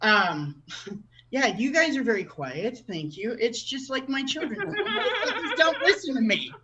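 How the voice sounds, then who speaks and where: A woman's voice: high-pitched, very animated, measured pace, dull audio, very noisy. A woman doing a stand-up comedy set with crude, profane, self-deprecating stories about her life as a mom. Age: adult with a child. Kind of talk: stand-up set at an online open mic.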